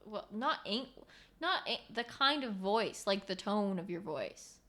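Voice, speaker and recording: A woman's voice: mid-range voice, sing-song, a little slow, a bit bright. A woman co-hosting a podcast in teasing, laughing casual chat. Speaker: podcast co-host.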